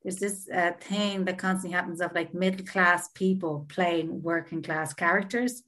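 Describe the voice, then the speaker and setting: An Irish woman co-hosting a podcast, telling stories in a sweary, animated way. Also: on the low side, moderate pace. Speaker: podcast co-host. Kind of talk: casual chat.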